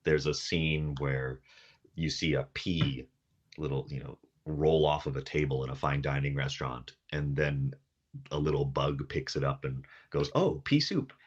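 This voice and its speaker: A man with a very deep, husky voice talks casually as a podcast guest. He rambles with plenty of fillers and laughs. He is on a call from his kitchen. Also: level tone, a little slow, muffled recording. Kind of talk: casual chat. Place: home, talking from the kitchen. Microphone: table mic on a video call.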